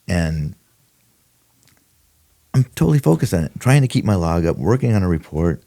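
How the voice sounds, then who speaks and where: A deep, gravelly older man spins animated stories and laughs as he goes. His voice rises and falls widely, and he breaks into quoted voices mid-story. The tone is easy, loose, chatty interview talk. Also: normal speed. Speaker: retired homicide detective, podcast guest.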